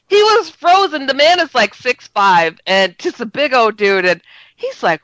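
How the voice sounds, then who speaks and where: A woman's voice: sits high, unhurried, no echo, highs cut off. A woman co-hosting a radio talk show, telling stories animatedly, often laughing and acting out voices. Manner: animated storyteller, laughs often, acts out dialogue. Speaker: radio co-host. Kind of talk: casual radio chat.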